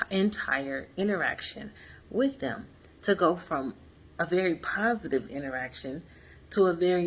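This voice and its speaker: Speaking low-pitched over a little hiss or hum, a vlogger in her forties sits in a hotel room and earnestly recounts a personal story to her viewers. The talk is casual and reflective, packed with fillers.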